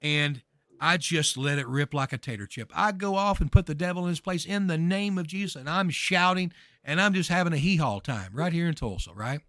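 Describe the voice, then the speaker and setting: Fervent preaching man, fairly high voice. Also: expressive, brisk, no echo. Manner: emphatic, rises to shouting peaks.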